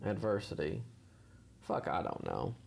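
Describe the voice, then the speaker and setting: Low gravelly-voiced man, casual podcast talk. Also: huge pitch swings, a little slow, a little mellow, a little hiss or hum. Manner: profane, rambling, laughs often. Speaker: podcast co-host.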